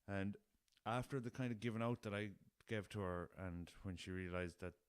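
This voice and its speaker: An Irish man hosts a podcast, rambling casually through a story, swearing freely and calling his listeners lads. His voice is on the low side and smooth, at a normal speed, with no room sound. He records on a podcast recorder with a laptop.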